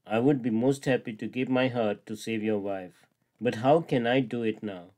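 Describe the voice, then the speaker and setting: A man voicing a friendly, quick-witted male monkey, in plain, earnest storybook dialogue. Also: medium pitch, darkish tone, natural voice. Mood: cunning.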